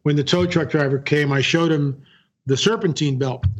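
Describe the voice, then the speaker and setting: A man's voice: on the high side, steady tone, moderate pace. A man, a guest filmmaker, telling a story in an interview, earnest and repeating key phrases. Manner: earnest, repeats phrases, acts out quoted dialogue.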